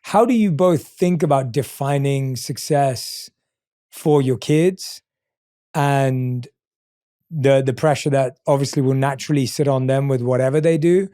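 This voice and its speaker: A man hosting a podcast, asking thoughtful questions in a gentle, halting way. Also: mid-range voice, no echo, clean studio sound. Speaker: podcast host. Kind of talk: reflective interview questions.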